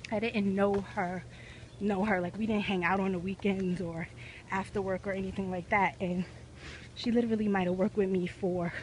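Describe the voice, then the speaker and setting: Walking uphill outside in the heat, a woman records a casual vlog and is slightly out of breath. Her voice is medium-pitched with slight background noise, and she talks with passion, rambling and using lots of fillers.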